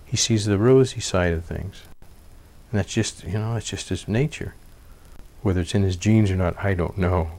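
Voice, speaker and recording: A man's voice: low-pitched, normal speed, a little mellow. A man telling stories in an interview, earnest, with frequent fillers and restarts. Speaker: documentary narrator and interviewee. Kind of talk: interview and narration.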